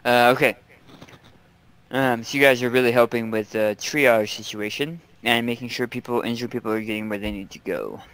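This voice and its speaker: A man's voice: mid-range voice, steady tone, moderate pace, fairly bright tone, clean tone. A man narrating as game master of a tabletop game, chatty and laughing often, with frequent ums.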